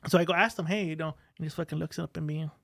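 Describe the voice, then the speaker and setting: A man's voice: on the high side, steady tone, rapid-fire, vocal fry, a bit bright, no echo, studio quality. A man telling profane stories in casual podcast chat, acting out what people said. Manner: profane storytelling, acts out quotes. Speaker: guest.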